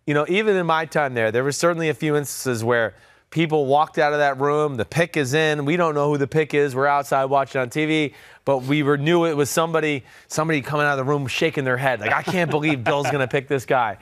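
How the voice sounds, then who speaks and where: A man's voice: a little high, steady tone, fast, a bit bright, clean tone, dry recording, studio quality. A man in his forties, a podcast host and former quarterback, telling loose, rambling stories in casual sports talk. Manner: loose, rambling storyteller with many fillers.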